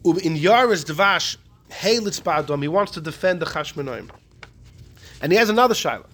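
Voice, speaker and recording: A man teaching a Talmudic class, animated and repeating his key points. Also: on the high side, normal speed. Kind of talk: Talmudic lecture.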